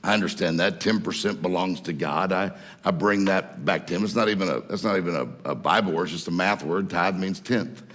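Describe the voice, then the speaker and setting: A man's voice: sits low, brisk, few pauses, fairly bright tone. A man from Mississippi, preaching a sermon in a folksy storytelling way and laughing at his own jokes. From Mississippi, USA. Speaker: guest preacher. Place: church hall. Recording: long church hall reverb.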